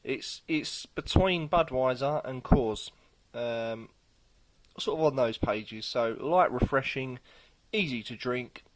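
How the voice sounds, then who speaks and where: A man giving a casual, rambling beer tasting review, pausing often as he thinks aloud. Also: mid-range voice. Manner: rambling, hesitant, many pauses.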